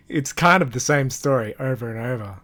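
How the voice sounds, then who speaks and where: Male co-host, average pitch, relaxed conversational opinions and questions. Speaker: watch-party co-host. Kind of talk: casual chat reacting to a TV episode.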